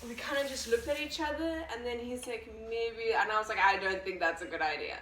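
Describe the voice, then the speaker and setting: A woman's voice: a little high, fairly quick, fairly bright tone, slight background noise. A young woman in her twenties chatting casually while she bakes, telling a story and swearing freely as she jumps between the recipe and the tale. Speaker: vlogger baking and telling a story. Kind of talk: casual story-time chat.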